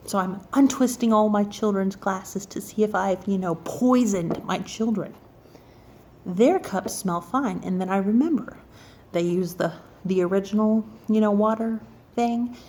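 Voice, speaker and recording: Woman telling a funny story about herself, flustered and animated, slight hiss behind her. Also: medium pitch, moderate pace. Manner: animated, acts out other people's lines; self-mocking and flustered. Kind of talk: casual storytelling.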